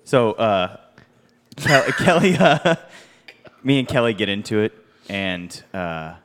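A man's voice: on the low side, big pitch swings, takes it slowly, a bit bright, long reverb tail. A man on a casual podcast, speaking in a laid-back way and chuckling now and then. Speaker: podcast co-host. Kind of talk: casual beer podcast banter.

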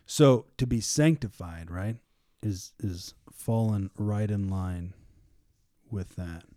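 A man with a low, mellow voice leads a casual Bible study. He reads scripture slowly and retells stories with animated voices for the figures. The sound is dry and close. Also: dry recording. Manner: animated, acts out biblical figures in casual speech.

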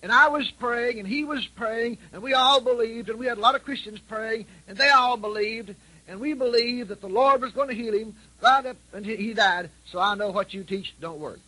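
A man voicing a grieving widowed woman who pleads in a breathless, high-pitched delivery. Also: moderate pace, sharp tone, full character voice, rough recording. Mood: bitter.

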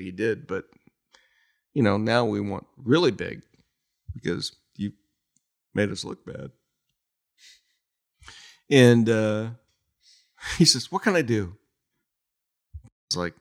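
Laughing storyteller man with lively pitch. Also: unhurried, creaky, pauses often. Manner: laughs often while telling stories, swears casually. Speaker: retired police officer guest. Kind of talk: storytelling in casual interview.

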